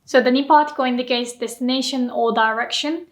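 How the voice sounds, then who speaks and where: Japanese woman, language teacher, high bright voice, playful with examples. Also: fairly even intonation, a little fast. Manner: playful, acts out example lines. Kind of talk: explaining grammar to camera.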